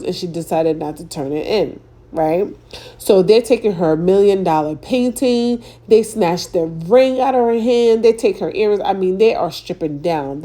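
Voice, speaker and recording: A woman's voice: on the low side, dark tone. A woman casually recapping a TV drama episode, acting out the characters' lines and adding exasperated asides. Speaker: TV recap reviewer.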